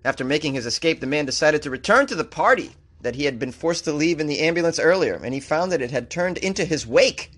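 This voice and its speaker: A man's voice: fairly high pitch, expressive, quick pace, few pauses, fairly bright tone. A man from Massachusetts hosting a comedy show, riffing sarcastically on strange news stories and laughing at his own jokes.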